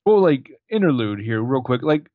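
A man co-hosting a podcast, recapping a TV episode with jokey asides and quick character impressions. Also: mid-range voice, sing-song, no room sound, phone-quality sound. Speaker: podcast co-host. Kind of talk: casual chat.

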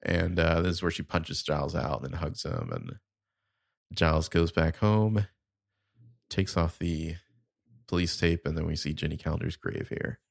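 A man with a very low voice co-hosts a podcast, easygoing and full of casual fillers. There is a gravelly fry under his words. The recording is close and dry, with no room sound. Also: animated, unhurried, no room sound. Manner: laid-back, filler-heavy recapping. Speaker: podcast co-host. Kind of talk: casual chat. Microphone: remote call setup.

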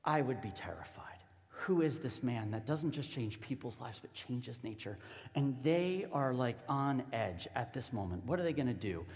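A man's voice: medium pitch, animated, moderate pace, darkish tone, long reverb tail. A man preaching a sermon as a pastor, telling the story casually and with animation.

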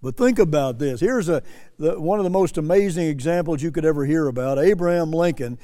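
A man's voice: on the high side, a little fast, mellow, in a large hall. A man preaching earnestly, repeating phrases for emphasis and reading quotes aloud. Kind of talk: sermon commentary.

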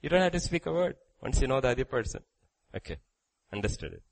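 A man preaching a sermon, swinging between loud, declaiming lines and hushed, quiet ones. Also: medium pitch, big pitch swings, quick pace, vocal fry, low-quality recording.

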